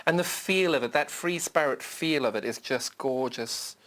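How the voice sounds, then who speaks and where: A young woman from the UK hosts a live television shopping demo in an excited, gushing way. She gasps and exclaims as she unwraps and shows off each item. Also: sits low, a little slow, hardly any pauses. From United Kingdom. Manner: gushing, breathless with excitement, gasping. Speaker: shopping channel presenter.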